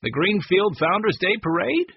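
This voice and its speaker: A man's voice: high-pitched, sing-song, moderate pace, creaky, breathy edge, no room sound, dull audio, voice pushed up, full character voice. A man voicing a cheerful, folksy older ice cream vendor. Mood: friendly.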